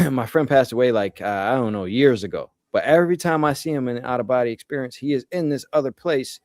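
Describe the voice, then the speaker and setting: A man talking in a relaxed, casual way about spiritual experiences, with many "you know"s and "man"s. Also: mid-range voice, fast, dry recording, studio quality. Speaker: podcast co-host. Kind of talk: casual chat explaining spiritual ideas.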